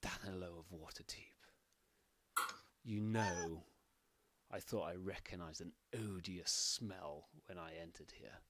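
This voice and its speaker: A man's voice: sits low, unhurried, heavy background noise. A man voicing a haughty queen who speaks with malice. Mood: malicious.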